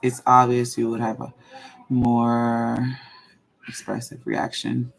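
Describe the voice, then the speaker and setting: Gravelly-voiced woman venting calmly. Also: a bass voice. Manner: slow, measured venting, repeats herself. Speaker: channel host. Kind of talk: casual livestream talk.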